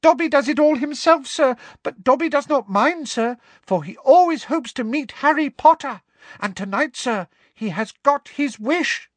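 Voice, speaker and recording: An eager, timid male house elf with a shrill, squeaky voice. He is servile and adoring, tacking "sir" onto every sentence. The sound is close and dry. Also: expressive, normal speed, dry recording. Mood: earnest. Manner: servile, adds "sir" to every sentence and speaks of himself in the third person. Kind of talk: audiobook character voice.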